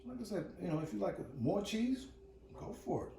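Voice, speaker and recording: A man's voice: high-pitched, lively intonation, normal speed, vocal fry, warm tone, roomy sound, far from the mic, a little hiss or hum, poor audio. A middle-aged man hosting a home cooking vlog in his kitchen, chatty and joking, calling his viewers "cooks".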